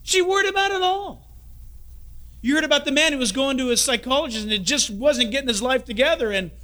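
A man with a very high-pitched voice delivers a sermon at a brisk pace. He tells stories and jokes with animation, acting out the characters in them.

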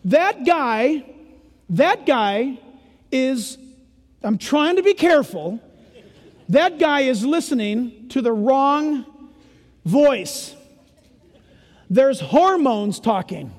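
An older man preaching a sermon in a punchy, folksy way that swings between loud emphasis and hushed asides. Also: very high voice, very animated, drawn-out words, pauses often. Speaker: pastor. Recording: echoey hall reverb.

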